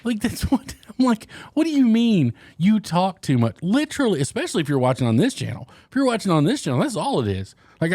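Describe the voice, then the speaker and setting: A man's voice: a little high, a little mellow, no room sound, clean studio sound. A man hosting a fishing channel, chatting casually and candidly to camera in a rambling, joking way.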